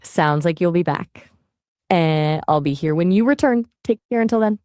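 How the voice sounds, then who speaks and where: A chatty, polite woman's voice as an AI assistant, talking casually and asking follow-up questions. Her voice sits a little low. The sound is close and dry. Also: animated, moderate pace, a little mellow, dry recording. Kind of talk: casual chat.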